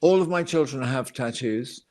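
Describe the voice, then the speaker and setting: A man's voice: mid-range voice, normal speed, darkish tone. A middle-aged man co-hosting a gardening podcast, talking enthusiastically with plenty of hesitations and fillers. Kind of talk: casual chat.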